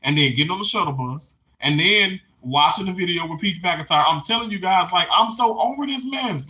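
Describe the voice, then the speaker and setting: A man live streaming casually to his chat, emotional and animated, laughing and tearing up as he talks. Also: high voice, a little fast, hardly any pauses.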